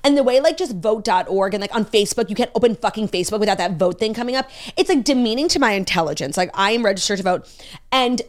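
A woman's voice: medium pitch, expressive, fast talker. A woman co-hosting a podcast in casual chat, gushing and opinionated, swearing freely. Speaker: podcast co-host.

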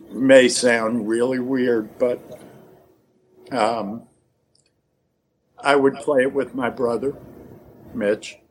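Animated middle-pitched man telling stories. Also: a little hiss or hum. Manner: animated storyteller, laughs often. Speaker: guest. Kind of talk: casual chat.

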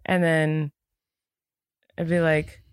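A woman's voice: sits low, little pitch movement, clean tone, no echo, clean studio sound. A woman co-hosting a podcast in casual chat, chiming in with teasing corrections. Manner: teasing interjections, quick corrections. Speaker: podcast co-host.

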